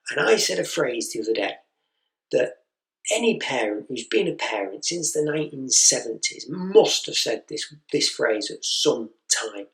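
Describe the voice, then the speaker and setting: A man's voice: medium pitch, a bit bright. A man doing a stand-up routine, telling a story and acting out the voices of the people in it. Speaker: stand-up comedian. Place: comedy venue. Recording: echoey room, mic heard from a distance.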